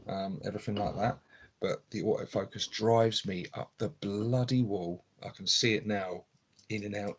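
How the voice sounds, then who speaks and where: A low-pitched man talks in a hushed, easygoing ramble to his live-stream viewers. His voice is gravelly and a touch husky, recorded through a phone at home. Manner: speaking quietly, chatty and rambling with frequent ums. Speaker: hobby streamer. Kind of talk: casual live-stream chat. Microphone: phone camera.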